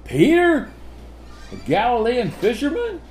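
An older man preaching a sermon, animated and full of rhetorical questions, with chuckling asides. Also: very high-pitched, unhurried, slight background noise.

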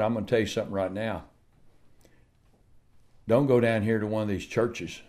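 An older man preaching a sermon in a folksy, emphatic way, swinging from loud declaiming to quiet asides, with drawn-out repeated phrases and stammered restarts. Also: fairly low pitch.

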